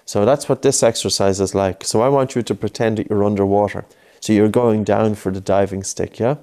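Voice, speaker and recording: Low, mellow-voiced male breathing coach. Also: fairly even intonation, a little fast. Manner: patient, coaxing, repeats cues. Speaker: breathing instructor. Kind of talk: guided breathing lesson with a child.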